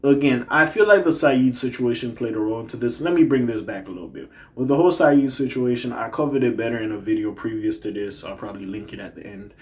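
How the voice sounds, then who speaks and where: Guy ranting on his commentary channel, blunt and cussing a lot, medium voice, goes loud then quiet. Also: medium pitch, fast, hardly any pauses. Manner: blunt, profane, animated ranting with swings in loudness. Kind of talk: casual opinion commentary.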